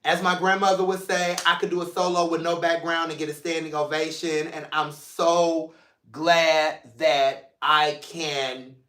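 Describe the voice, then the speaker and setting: Chatty man with a bright, roomy voice. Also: on the high side, flat delivery, unhurried. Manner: chatty, playful, affectionate toward viewers. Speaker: mental health show host. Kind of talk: casual solo vlog talk. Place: seated in a room at home. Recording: roomy, echoey room.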